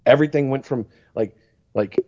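A man's voice: mid-range voice, moderate pace, darkish tone. A man in his forties, co-hosting a podcast, telling rambling stories full of swearing. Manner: profane, rambling storytelling. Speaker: podcast co-host. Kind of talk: casual chat. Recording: dull lo-fi recording.

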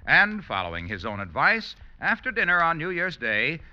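A man narrating a 1950s radio sitcom as its announcer, in a crisp, theatrical announcing style, on an old, dull radio recording. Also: a little high, wildly swooping pitch, moderate pace.

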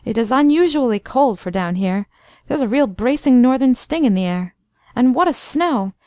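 A woman's voice: a little high, animated, moderate pace, mellow, no room sound, natural voice. A woman voicing a cheerful young man who talks in an easy, playful way. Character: cheerful young man, warm-hearted suitor.

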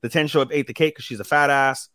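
Quick, dry-sounding male co-host, profane and animated while recapping shows. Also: mid-range voice, no echo. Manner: profane, animated storytelling, mimics characters. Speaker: podcast co-host. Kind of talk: casual chat.

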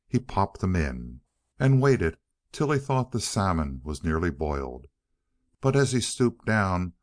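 Man, deep voice, lively intonation, fairy tale narration. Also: dry recording, studio quality. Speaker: audiobook reader.

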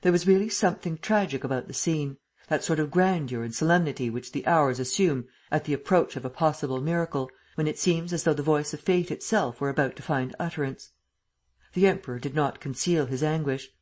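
A reader narrating a classic novel as an audiobook in a steady, measured way. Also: mid-range voice.

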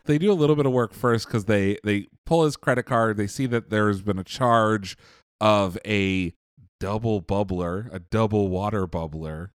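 Low, smooth-voiced man co-hosting a podcast. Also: normal speed, dry recording, studio quality. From Pennsylvania, US. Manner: laid-back, profane, acts out quoted characters. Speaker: podcast co-host. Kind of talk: casual chat recapping a TV episode.

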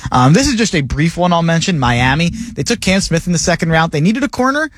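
Excitable man talking football. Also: fairly quick, no echo. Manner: enthusiastic, pitch jumps up when excited. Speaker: co-host, draft analyst. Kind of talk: casual sports radio talk. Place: radio studio.

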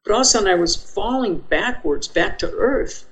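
A woman's voice: mid-range voice, expressive, normal speed, fairly bright tone, low-quality recording. An older woman, a podcast guest, telling a personal story vividly and acting out her own thoughts as she goes.

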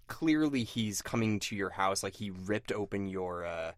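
A man with a somewhat low voice chats about a film with a friend, animated and quick to laugh. The sound is dry and close, with no room behind it. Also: no echo. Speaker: podcast co-host. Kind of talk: casual film discussion.

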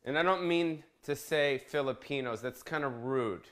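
A man's voice: mid-range voice, normal speed, fairly bright tone. A man hosting a casual comedic cooking vlog, bossy and profane, teasing his cameraman. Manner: crude, bossy, joking, profane.

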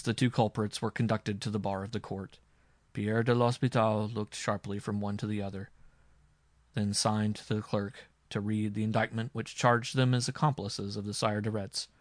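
A man narrates a historical tale aloud with dramatic expression. His voice is low and steady. The recording is dry, with no room sound. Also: dry recording. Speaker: audiobook reader. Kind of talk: scripted narration.

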